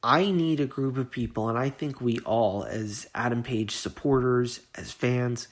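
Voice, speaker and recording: A man's voice: mid-range voice, a little slow. A man hosting his own podcast, giving an earnest, emotional monologue and often repeating and restarting his words. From Southern California. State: getting emotional. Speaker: podcast host.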